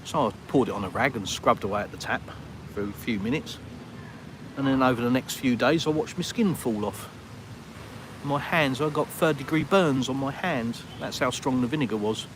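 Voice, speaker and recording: A man's voice: mid-range voice, normal speed, background noise. A British man chatting to live viewers on a walking vlog, rambling and self-deprecating, outdoors in a town. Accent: British English. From Britain. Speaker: vlogger. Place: outdoors on a town street with traffic.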